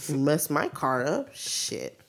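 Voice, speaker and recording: A woman's voice: low-pitched, takes it slowly, creaky. A young woman co-hosting a podcast, telling stories in casual chat, swearing a lot and acting out what people said. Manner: profane, animated storyteller acting out quotes. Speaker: podcast co-host.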